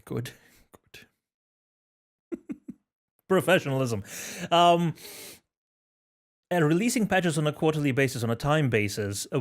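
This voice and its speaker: A man co-hosting a casual gaming podcast, jokey and rambling, laughing often and filling pauses with ums. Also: mid-range voice. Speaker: podcast co-host.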